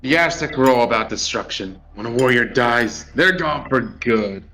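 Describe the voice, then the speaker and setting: A man reading aloud as a callous, war-obsessed male god, flat and dismissive. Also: medium pitch, normal speed, soft background music. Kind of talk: reading game dialogue aloud.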